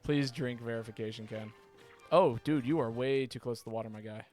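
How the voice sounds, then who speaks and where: A man chatting casually while livestreaming a video game. He rambles, swears, and reacts loudly when something surprises him. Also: mid-range voice, fairly even intonation, quick pace, faint music behind. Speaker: streamer playing a video game.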